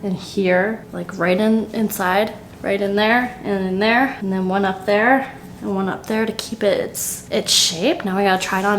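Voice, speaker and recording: A woman's voice: medium pitch, steady tone, moderate pace, a little hiss or hum. A young woman vlogging casually as she sews and pins a dress, chatty and bubbly, talking to herself as she works. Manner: chatty, bubbly and self-talking while crafting. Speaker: sewing vlogger. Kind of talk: casual DIY vlog narration.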